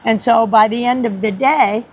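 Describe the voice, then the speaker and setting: A woman guest on a podcast telling a story in an animated, rambling way, laughing often and acting out the people she quotes. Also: on the high side, moderate pace, lo-fi sound, slight background noise. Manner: rambling with many restarts.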